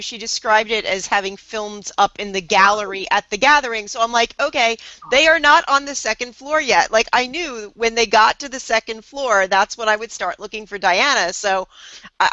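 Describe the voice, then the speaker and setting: A woman's voice: on the high side, bright, forceful tone, dry recording. A woman co-hosting a casual fan chat, chatty and enthusiastic. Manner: chatty, quick restarts, enthusiastic. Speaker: podcast co-host. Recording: dry muffled lo-fi audio.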